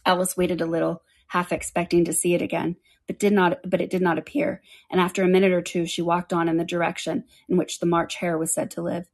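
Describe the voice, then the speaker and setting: A woman reading a children's book aloud in a plain, steady storytelling manner. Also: lowish voice, fast talker, few pauses.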